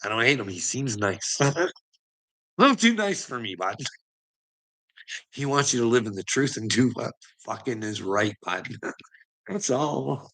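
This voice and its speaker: Gravelly, laughing man ranting casually. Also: mid-range voice, big pitch swings, unhurried, long pauses, fairly bright tone. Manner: laughs constantly, swears, calls people bud; mocking, teasing. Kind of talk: casual profane rant to chat.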